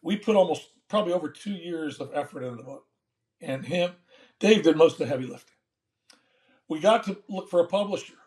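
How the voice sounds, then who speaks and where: An older man, a former baseball manager, telling a folksy, animated story in an interview and acting out the dialogue. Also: a little high, brisk.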